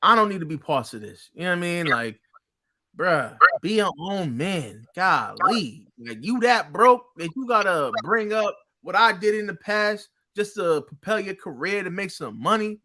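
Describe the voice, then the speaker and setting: A middle-aged man on a casual podcast, his voice pitched high and swinging widely as he argues emphatically. His tone is bright and lively, and he slips into playful quoted voices. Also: unhurried. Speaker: co-host, Spirit G.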